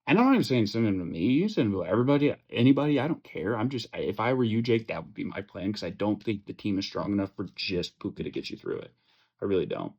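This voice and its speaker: A man's voice: lowish voice, big pitch swings, quick pace, a little mellow, breathy edge, highs cut off. A young man hosting a casual fantasy football chat, profane and joking, rambling with lots of fillers and restarts. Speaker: fantasy football podcast host.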